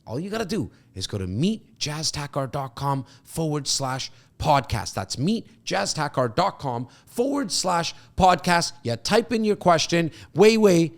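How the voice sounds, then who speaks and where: Animated man hosting a podcast. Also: on the high side, measured pace, gravelly, hardly any pauses. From Canada. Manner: animated, talks in loose restarts. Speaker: podcast host and real estate agent. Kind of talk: casual podcast answer.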